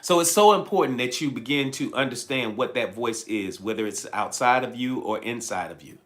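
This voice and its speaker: Holding a handheld mic, a male life coach of medium pitch and normal speed gives a motivational livestream talk. He hammers points home by repeating lines, reads comments out, and thanks viewers by name.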